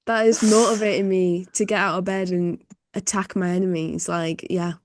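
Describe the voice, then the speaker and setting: A young woman co-hosting a podcast, sarcastic and quick to laugh. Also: on the low side, steady tone, a little hiss or hum. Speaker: podcast co-host. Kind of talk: casual chat.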